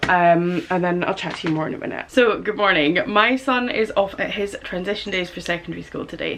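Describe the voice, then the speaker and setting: A woman in her thirties chatting through a casual vlog as a small business owner, gushing and excitable with chatty asides. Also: medium pitch, slight background noise. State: out of breath in places. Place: home studio office.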